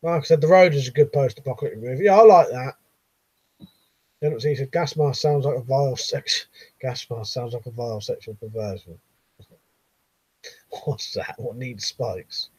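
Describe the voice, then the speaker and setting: A man's voice: mid-range voice, normal speed, long pauses, a little mellow, husky, dry recording, rough recording. A man with a Southern English accent hosting a casual live stream, reading viewers' comments aloud with frequent laughs and casual swearing. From Buckinghamshire, England.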